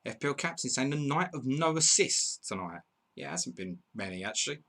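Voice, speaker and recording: A man's voice: medium pitch, very animated, fairly quick, sharp tone. A man hosting a live football stream, reading viewers' comments and calling match updates in a chatty, bantering way. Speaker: podcast host.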